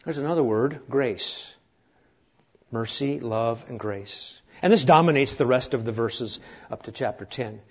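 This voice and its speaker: A middle-aged man preaching a sermon as pastor, earnest, building to emphatic peaks and then falling quiet and slow. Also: mid-range voice, husky. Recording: dull lo-fi recording.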